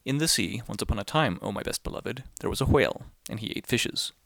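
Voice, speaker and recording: A man reads a children's story aloud in a playful, singsong way, his voice swooping widely with a gravelly texture. He turns to the listener with little asides. The recording is close and dry. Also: on the low side, animated, fairly quick, fairly bright tone, no echo. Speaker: narrator.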